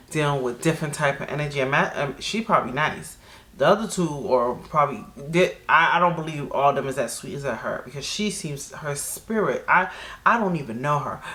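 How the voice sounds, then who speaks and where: A woman hosting a reaction video, chatting casually and jumping into high excited bursts.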